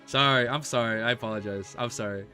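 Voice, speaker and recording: An American man streaming, who reads a novel aloud and breaks off for laid-back, excitable chat full of slang. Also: medium pitch, quick pace, soft background music. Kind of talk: reading a novel aloud on a livestream, casual chat.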